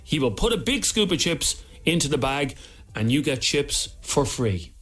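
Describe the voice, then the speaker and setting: Irish male radio co-host, animated storyteller, slightly high voice, light music under. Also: normal speed. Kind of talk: casual radio chat. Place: radio studio.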